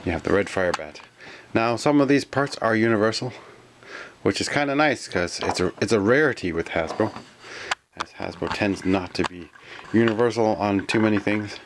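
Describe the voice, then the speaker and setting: A man from Canada chatting casually in a toy collector vlog, rambling and grumbling, sometimes whispering names in a drawn-out way. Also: on the low side, background noise. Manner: rambling and complaining, with stretched-out whispered echoes of names. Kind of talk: casual toy review chat.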